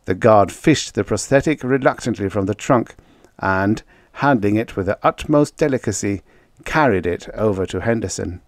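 A man narrating a vintage science fiction story in a measured storytelling manner. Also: fairly low pitch, lively intonation, dry recording, studio quality. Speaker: audiobook narrator. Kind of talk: scripted narration.

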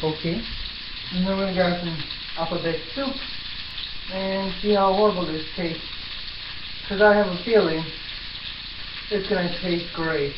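A man's voice: high voice, steady tone, unhurried, pauses often, noisy background. Chatty self-mocking young man cooking. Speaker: cooking vlogger. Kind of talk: casual cooking vlog chat. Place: apartment kitchen. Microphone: built-in camera mic. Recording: roomy, dull lo-fi camera sound.

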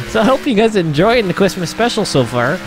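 A man hosting a gaming channel, giving rambling let's-play commentary with lots of laughter and exclamations. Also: high-pitched. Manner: excitable, laughs and exclaims often; rambling, repeats himself.

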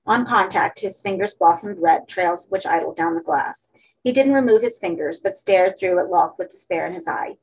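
A woman narrating a horror story for an audiobook in a steady, measured way. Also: lowish voice, husky, poor audio.

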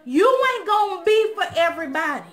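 A woman's voice: extremely high pitch, expressive, fairly quick, fairly bright tone. A young woman hosting her own channel, talking straight to the viewers in a casual, outspoken chat and telling stories with a lot of animation. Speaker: vlog host.

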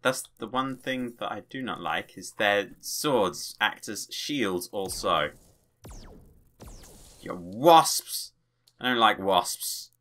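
A man giving excitable, playful let's play commentary as a gaming channel host, tossing in his own sound effects. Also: fairly low pitch, takes it slowly.

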